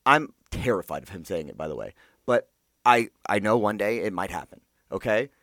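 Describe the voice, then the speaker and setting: A man co-hosting a podcast in casual chat, joking through lively banter. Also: on the low side, normal speed, no echo, studio quality. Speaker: podcast co-host.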